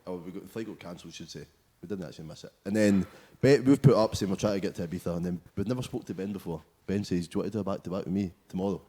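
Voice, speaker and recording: A man's voice: deep voice, dark tone, long reverb tail. A young Scottish man, a DJ guest, chatting casually and peppering his talk with agreement words. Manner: rapid, peppers talk with "aye". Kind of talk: casual chat.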